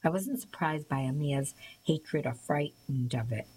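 Low-voiced woman narrating a story. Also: slight background noise, low-quality recording. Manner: measured, even storytelling with occasional small slips. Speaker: audiobook narrator. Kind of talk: scripted narration.

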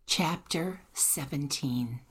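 A woman narrating a cozy mystery audiobook in a measured, steady read. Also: low-pitched, slightly rough. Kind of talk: scripted narration.

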